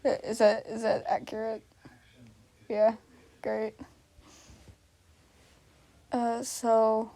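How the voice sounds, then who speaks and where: A woman doing casual improvised fan role-play, flustered and giggly, stammering and dropping into breathy whispers. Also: on the high side, completely flat delivery, very slow, long pauses, mellow.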